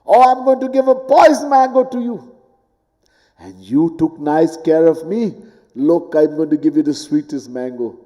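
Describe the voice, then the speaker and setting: A man's voice: a little high, lively intonation, moderate pace, dark tone, natural voice. A man speaking as a talking fruit tree that scolds the people who hurt it and rewards the ones who cared for it. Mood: indignant. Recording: long hall reverb.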